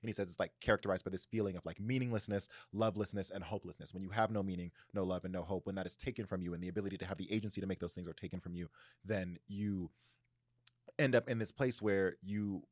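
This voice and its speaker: A man co-hosting a casual book chat on a podcast tells a story with animation, frequently saying "like" and laughing along. He speaks fast in a low-pitched voice, and the recording is dry and clean, studio-grade.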